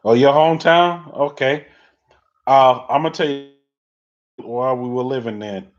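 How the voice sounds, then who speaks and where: A middle-aged man hosts a livestream, replying to viewer comments in casual chat. His medium-pitched voice is unhurried as he tells loose, rambling stories, and the audio is dull and lo-fi.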